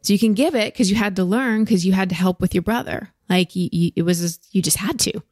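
A woman hosting a podcast, giving slow, gentle, reassuring emotional coaching to a guest. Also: mid-range voice, no room sound, clean studio sound. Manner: gentle, slow, reassuring advice with soft laughs. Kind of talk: coaching conversation.

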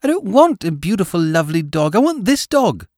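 A man voicing a well-dressed small boy who insists on keeping a dog, in a high childlike tone. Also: very animated, fairly quick, darkish tone, dry recording, clean studio sound. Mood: insistent. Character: small rich boy, stubborn and tearful.

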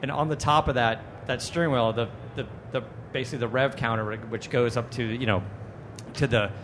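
A man's voice: medium pitch, fairly even intonation, fairly quick, noisy background. A man hosting a car podcast live from a trade show booth, chatting casually about driving on a track. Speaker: podcast host. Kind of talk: casual chat.

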